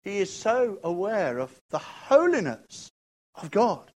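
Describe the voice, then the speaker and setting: A man preaching a sermon with expressive, emphatic delivery and repeated rhetorical questions. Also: high voice, slow.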